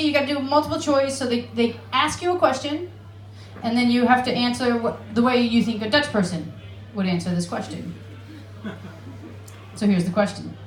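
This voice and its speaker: This high-pitched, reverberant woman's voice belongs to an American-accented comic from Alaska. On a comedy club stage in Amsterdam, she runs a brash, profane, self-mocking set, punctuated by laughing asides.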